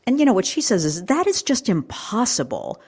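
A woman interview host introducing her show and framing questions for an author in a curious, measured way. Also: mid-range voice, wildly swooping pitch, a little mellow, breathy edge. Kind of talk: interview hosting.

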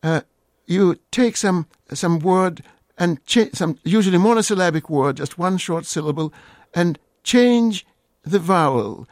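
A man's voice: sits high, expressive, measured pace, dry recording, studio quality. A man, a guest linguist on a radio call-in show, explaining word origins in a hesitant, lecturing way with many fillers.

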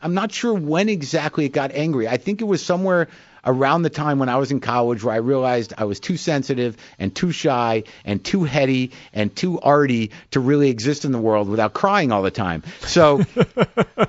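A man's voice: medium pitch, lively intonation, moderate pace, dry recording, highs cut off. A middle-aged man, a comedian guest in an interview, telling candid, self-deprecating stories about himself with plenty of swearing. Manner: confessional, self-deprecating, profane.

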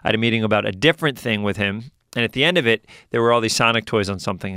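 A man talks fast and animatedly, rattling off his story. His voice is smooth and clear, and the recording is dry and close. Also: on the low side, bright, forceful tone, no echo. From New York. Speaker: voice actor guest. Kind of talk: casual interview talk.

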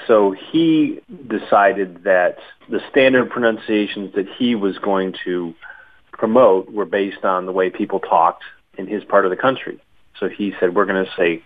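A low-voiced man speaks down a tinny phone line, narrow and thin. He is an author answering interview questions, thinking aloud and restarting phrases often. He sounds explanatory and unhurried. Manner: thoughtful, many restarts and you-knows.

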